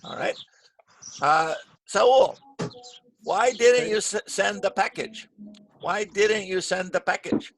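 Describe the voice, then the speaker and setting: A man teaching an English grammar class over a video call, speaking clearly and patiently and stressing the words he models. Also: sits high, slow pace, pauses often, a bit bright, a little hiss or hum. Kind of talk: online grammar lesson. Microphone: computer mic on a video call.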